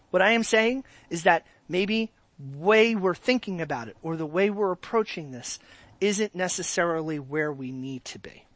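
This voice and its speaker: Bright-voiced male pastor preaching. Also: sits high, no room sound. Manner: conversational, rhetorical questions, repeats words. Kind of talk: sermon.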